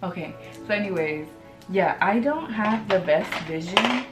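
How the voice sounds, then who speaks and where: A woman's voice: mid-range voice, expressive, unhurried, reverberant, music in the background, poor audio. A woman in her thirties chatting candidly while doing her makeup, full of "like" fillers and casual swearing. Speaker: beauty vlogger. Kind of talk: casual get-ready-with-me chat.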